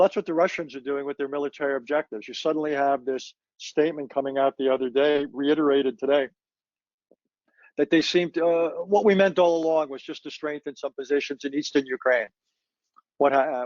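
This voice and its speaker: Measured man, dull dry audio. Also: medium pitch, darkish tone, no echo. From United States. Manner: measured, thoughtful, frequent hesitations and self-corrections. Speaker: foreign policy expert guest. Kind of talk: conversational policy analysis.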